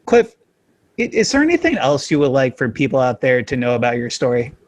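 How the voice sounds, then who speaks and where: A man hosts a casual interview and asks his questions in a halting way, restarting them often. His voice is recorded with a dry, close sound and sits at a middle pitch. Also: wildly swooping pitch, dry recording. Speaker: interview host.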